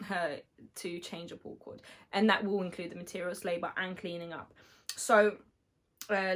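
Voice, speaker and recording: A woman, an electrician, slightly hoarse, explaining her trade in a casual vlog with many fillers, step by step. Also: fairly low pitch, a bit bright.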